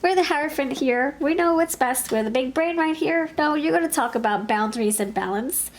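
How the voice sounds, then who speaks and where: A woman's voice: sits high, fairly quick, pitched above the performer's own voice. A woman voicing a bossy, know-it-all spirit guide that insists and scolds in a teasing way.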